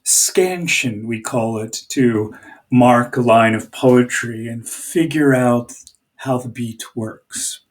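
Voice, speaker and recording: A man speaks in a steady middle pitch, working through a poetry lesson. He talks unhurriedly, with pauses and the odd filler as he explains. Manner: slow, deliberate explanation with hesitations. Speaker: teacher.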